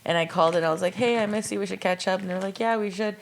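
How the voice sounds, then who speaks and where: A young woman co-hosting a podcast, telling a story in relaxed casual chat with some swearing. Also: medium pitch, racing, slight background noise. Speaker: podcast co-host.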